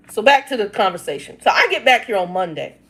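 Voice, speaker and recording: Speaking fast in a medium-pitched, fairly bright voice, this fifties-aged channel host shares a family story directly with her audience. She's very animated and emphatic, frequently laughing and exclaiming, and she reads live chat comments aloud.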